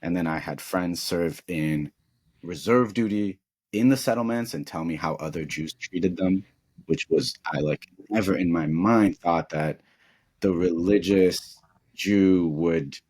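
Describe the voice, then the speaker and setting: A man talking casually on a podcast, telling a personal story with many fillers and quick mimicked quotes of other people. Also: sits low, a little mellow, slightly rough. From Israel. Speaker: podcast co-host. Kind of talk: casual conversation.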